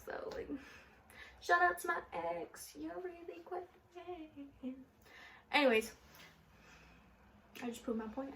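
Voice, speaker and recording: A young woman talks straight into her phone camera in a loose storytime vlog. Her voice sits high, and she rambles, swears freely and fills every gap with "like". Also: a bit bright, a little hiss or hum. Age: young adult. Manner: chatty, profane, rambling with frequent "like". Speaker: vlogger.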